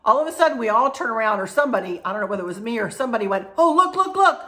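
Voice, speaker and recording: Speaking very fast, a middle-aged woman vlogger chats casually to the camera for her viewers, getting emotional and rambling with frequent restarts. Her voice is medium-pitched and fairly bright, with lively intonation.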